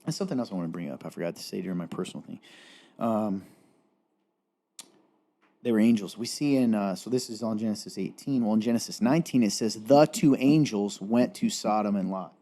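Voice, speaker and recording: Young Appalachian man, podcast co-host; low, mellow voice, earnest and rambling. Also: a little fast. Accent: Appalachian Southern. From Eastern Kentucky. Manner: earnest, rambling, with many restarts. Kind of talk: casual faith chat.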